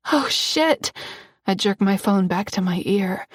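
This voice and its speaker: A woman narrating a first-person thriller romance audiobook in a tense, dramatic way, often sinking to a breathy whisper. Her voice is husky and mid-pitched. The recording is dry and close. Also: expressive, takes it slowly, no room sound.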